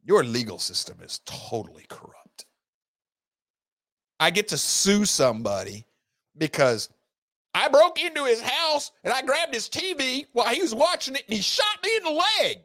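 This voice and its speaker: A man's voice: very high-pitched, huge pitch swings, normal speed, pushed and bright, dry recording. A man hosting a podcast, delivering an angry, sarcastic political rant with heavy emphasis. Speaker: podcast host.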